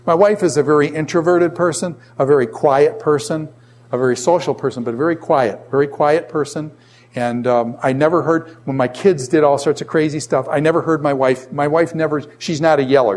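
A man's voice: medium pitch, a little mellow. A man in his fifties teaching a class in a conversational lecture, repeating his points and acting out quoted voices.

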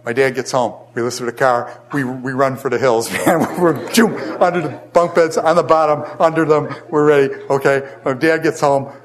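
An older man teaching a casual Bible lesson, asking the class questions and telling stories with animated energy. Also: medium pitch, moderate pace, few pauses.

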